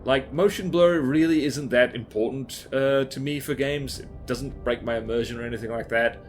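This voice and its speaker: A man's voice: mid-range voice, normal speed, soft background music. A man giving casual gameplay commentary as a YouTuber, talking in a chatty, rambling, self-deprecating way with lots of fillers. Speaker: gaming YouTuber.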